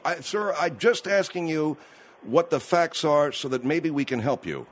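A man's voice: a little high, expressive, moderate pace, a little hiss or hum. A male radio host questioning a caller in a probing, skeptical way. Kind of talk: call-in radio conversation.

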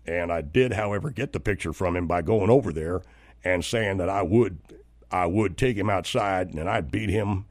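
A man voices an indignant, aggrieved suburban husband in a comedy bit, stammering and tripping over his own words as he complains. His voice sits low. The sound is close and dry. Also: no room sound, close to an everyday voice. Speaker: host of a comedy segment. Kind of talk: comedic character monologue.

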